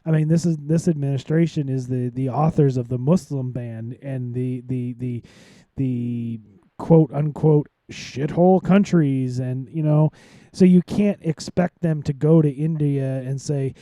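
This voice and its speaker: A man's voice: medium pitch, measured pace, dark tone, dry recording, lo-fi sound. A man co-hosting a live podcast, talking casually with frequent restarts and fillers, sometimes exasperated, and tired. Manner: rambling, many restarts and fillers. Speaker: podcast co-host.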